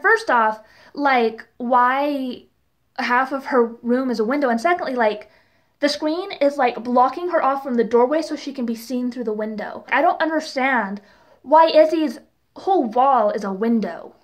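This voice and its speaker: A young woman reviewing a TV episode in a casual vlog, chatty and gushing, with lots of fillers and exasperated rhetorical questions. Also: high voice. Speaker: TV and book reviewer.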